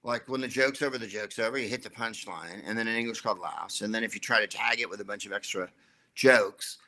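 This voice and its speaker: A middle-aged man tells stories with dry wit and throws in quick asides. His voice sits low but has a bright, forceful edge. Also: vocal fry. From United States. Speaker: comedian guest. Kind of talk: anecdotal interview chat.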